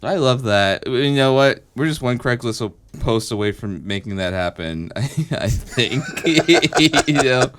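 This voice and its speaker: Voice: medium pitch, expressive, a little slow, few pauses, a bit bright. A podcast co-host in casual comedic chat who laughs often and slips into joking bits.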